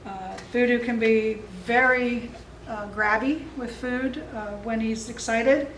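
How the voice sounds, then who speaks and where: A woman's voice: fairly high pitch, slow pace, a little hiss or hum. A woman dog training instructor explaining exercises in a friendly, easygoing way, chuckling often. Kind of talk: instructional seminar talk. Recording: roomy, distant mic.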